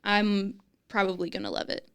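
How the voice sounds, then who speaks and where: A woman's voice: medium pitch, steady tone, moderate pace, vocal fry, a bit bright, clean tone. A young woman from St. Louis with a Midwestern accent, telling a story in casual chat, giggly and rambling. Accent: Midwestern American. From St. Louis, Missouri. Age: young adult. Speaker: guest, student.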